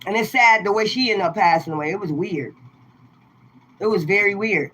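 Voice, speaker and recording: A woman tarot reader telling viewers a personal story in a casual, emphatic, animated way. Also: medium pitch, normal speed, a little hiss or hum, rough recording.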